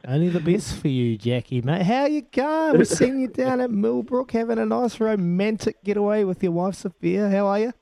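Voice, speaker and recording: A man's voice: high-pitched, animated, moderate pace, creaky, hardly any pauses, dark tone, no echo. A man with a New Zealand accent co-hosting a radio show, joking and calling everyone mate. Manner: matey, joking, calls people mate. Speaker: radio co-host. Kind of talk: casual radio banter.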